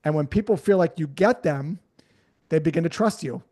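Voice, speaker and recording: A man's voice: on the high side, moderate pace, darkish tone. A man who is a guest sales trainer, talking in a casual podcast conversation, explaining his points with examples and speeding up to make them.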